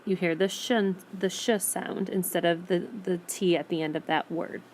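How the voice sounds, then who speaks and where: Woman teacher slowly sounding out words. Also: lowish voice, steady tone, a little hiss or hum. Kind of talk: recorded phonics lesson. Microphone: tablet screencast microphone.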